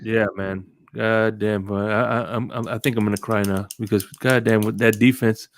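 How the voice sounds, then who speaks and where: A man's voice: lowish voice, little pitch movement, moderate pace, dry recording, clean studio sound. A man hosting a casual sports podcast, rambling through stories and greeting viewers as he goes. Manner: rambling, greets live chat viewers, tells stories with quoted voices. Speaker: podcast host.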